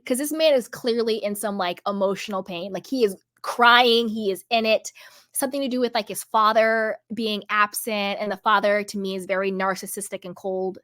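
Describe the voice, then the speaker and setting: A woman's voice: a little high, brisk, a bit bright, no room sound, studio quality. A woman hosting her own channel, giving emphatic, opinionated reality TV commentary and repeating her points for effect. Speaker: channel host.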